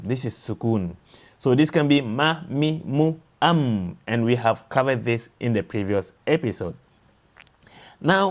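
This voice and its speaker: Guy teaching a lesson, mid pitch, slow and patient, says each sound over and over. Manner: patient, repeats and drills sounds slowly. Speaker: Quran tajwid teacher.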